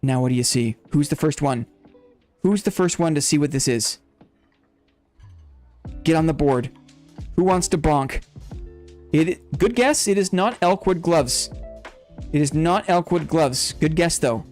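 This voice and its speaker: A man's voice: a little high, expressive, a little slow, long pauses, darkish tone, faint music behind. A man hosting a live game stream, playfully teasing his chat and calling in-game fights like an announcer. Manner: builds hype like a fight announcer.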